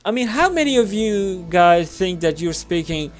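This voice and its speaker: A man with a Turkish accent talks casually over his gameplay in a slightly high voice. He rambles, leaning on fillers. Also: expressive, moderate pace. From Turkey. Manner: rambling, filler-heavy, chatty. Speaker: gaming channel host.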